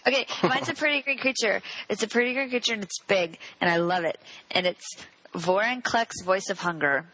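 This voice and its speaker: A woman chatting casually on a card-game podcast, with a playful, teasing way of talking. Her voice is bright and clear. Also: mid-range voice, fairly quick, low-quality recording. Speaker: podcast co-host. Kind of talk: casual chat about card games.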